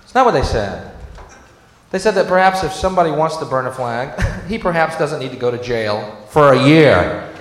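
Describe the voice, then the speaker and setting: A man doing a stand-up rant that breaks into mock shouting. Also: on the high side, animated, normal speed. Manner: ranting, swings into mock shouting. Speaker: stand-up comedian. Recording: roomy hall reverb, faint noise.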